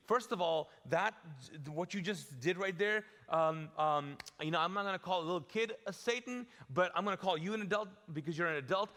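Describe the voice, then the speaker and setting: A man's voice: high-pitched, pushed and bright. A man preaching a live sermon as pastor, talking casually to the congregation and acting out quoted lines with self-deprecating asides. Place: large church auditorium. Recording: long hall reverb from a live church.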